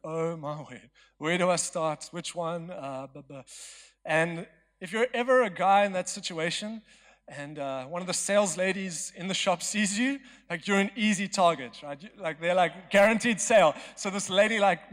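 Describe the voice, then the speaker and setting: Young preacher guy, jokey storyteller, fairly high voice, long hall echo. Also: fairly quick, a bit bright. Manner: chatty, joking, self-mocking. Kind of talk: storytelling sermon. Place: church hall.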